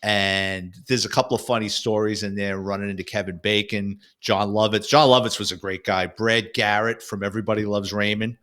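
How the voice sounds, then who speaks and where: A man from New York, a retired detective and author, telling stories lively in an interview. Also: on the low side, a little fast, hardly any pauses. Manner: lively storyteller, acts out voices. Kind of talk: storytelling interview.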